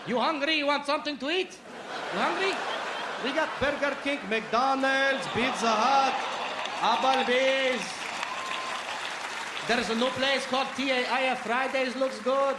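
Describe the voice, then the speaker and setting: A man's voice: very high voice, a little slow, pitched above the performer's own voice. A man putting on a hot-tempered cousin. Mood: eagerly hospitable. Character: hot-tempered adult male cousin, cussing then fussing. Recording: live club with loud crowd noise.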